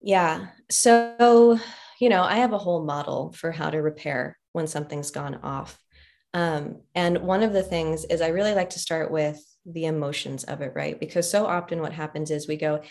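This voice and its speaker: Podcast guest, woman, lowish voice, chatty storyteller, laughs easily. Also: normal speed. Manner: warm storytelling with frequent laughs and "like" fillers. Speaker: podcast guest, relationship coach. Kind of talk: casual conversational podcast talk.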